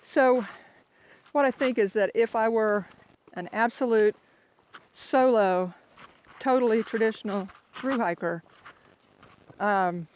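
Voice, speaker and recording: A man's voice: high-pitched, takes it slowly. Older male hiker vlogger, rambling and self-mocking, recorded outdoors on a phone with faint background noise. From Florida. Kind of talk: casual vlog while hiking. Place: outdoors on a foggy mountain trail. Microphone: handheld phone camera.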